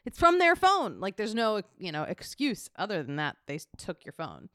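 A woman co-hosting a podcast, chatting casually and telling lively stories with casual swearing. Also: mid-range voice, normal speed, no room sound, clean studio sound. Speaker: podcast co-host. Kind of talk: casual chat.

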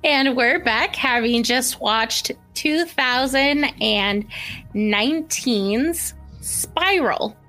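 A woman's voice: sits high, very slow, pushed and bright, soft background music. A woman co-hosting a podcast, chatting casually in a dry, teasing way. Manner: dry, teasing, laughs often. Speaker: podcast co-host. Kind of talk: casual chat.

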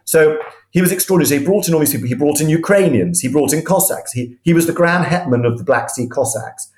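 A man telling history as an animated, enthusiastic storyteller, often restarting his sentences. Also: a little high, fast talker, roomy sound. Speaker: historian guest.

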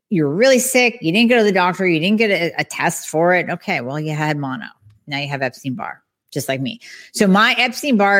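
Animated woman explaining lab results. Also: on the low side. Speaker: podcast host, health practitioner. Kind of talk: casual explanatory podcast talk.

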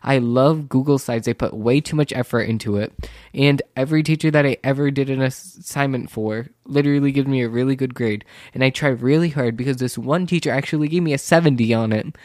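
A teenage male student telling a rambling, casual story, full of "like" and "literally," and growing animated when he feels wronged. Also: medium pitch, brisk, dry recording, clean studio sound.

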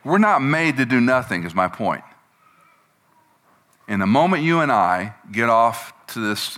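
A man preaching a conversational sermon, reading scripture aloud and acting out complaints with animated bursts. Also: mid-range voice, unhurried. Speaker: pastor.

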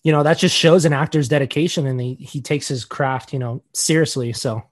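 A man co-hosting a podcast in casual chat, joking and blunt, quick to laugh. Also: mid-range voice. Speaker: podcast co-host.

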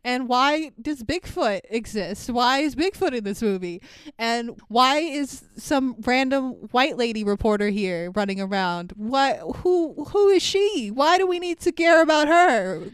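A woman co-hosting a casual movie review chat, animated and swearing, playing up her confusion and acting out the characters. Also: high voice, measured pace, smooth, no echo. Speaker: podcast co-host.

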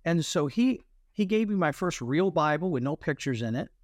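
Interview guest, male, animated storyteller who mimics others; somewhat high pitch, dry studio sound. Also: normal speed, no room sound. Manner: animated storyteller, acts out quoted voices. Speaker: guest, military veteran and artist. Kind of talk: testimony in an interview.

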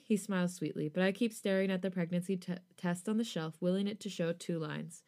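A woman's voice: fairly low pitch, a little fast, hardly any pauses. Woman reading a first-person story. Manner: expressive reading aloud. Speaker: podcast host reading fan fiction.

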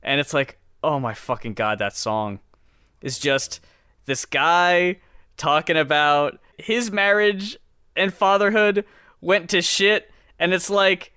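A man's voice: sits high, slow pace, bright, forceful tone, smooth, dry recording, studio quality. A man who is a guest on a casual podcast, speaking in a laid-back way and retelling songs scene by scene.

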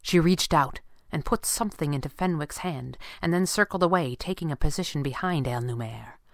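A woman narrating an audio drama in a measured storytelling manner. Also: deep voice, no echo, studio quality.

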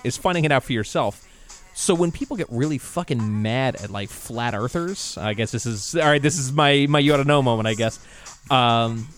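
A man co-hosting a casual podcast, who swears often and rants heatedly. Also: medium pitch. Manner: profane, heated ranting. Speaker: podcast co-host.

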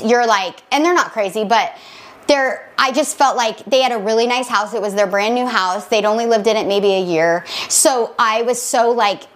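A woman in her thirties co-hosting a casual podcast, telling stories in an animated way and laughing easily. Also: a little high. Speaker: podcast co-host. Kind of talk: casual chat.

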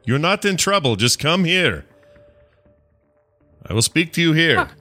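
A man's voice: a little high, sing-song, a little slow, pushed and bright, no room sound, faint music behind, pitched above the performer's own voice, heavily acted. A man voicing an earnest young cleric who talks in a flustered but coaxing way. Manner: flustered, then coaxing and reasonable. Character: earnest young male cleric of a sun god.

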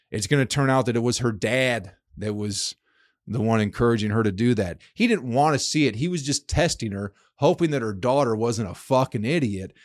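A man hosting his own podcast, riffing alone in a crude, rambling, profane way. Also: lowish voice. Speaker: podcast host. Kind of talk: casual solo podcast monologue.

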